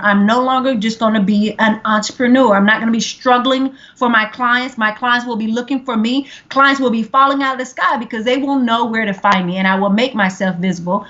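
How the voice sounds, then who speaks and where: A woman guest speaker with a somewhat high voice talks about her business in firm, declarative statements. Her audio is slightly dull and lo-fi, as if it came from a remote connection. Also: fairly bright tone. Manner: assertive, declarative. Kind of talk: interview guest.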